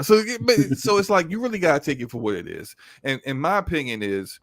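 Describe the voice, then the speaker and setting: A man's voice: fairly high pitch, big pitch swings, quick pace, dry recording. A man talking as a guest in a casual podcast chat, rambling with stammering restarts and acted-out skits.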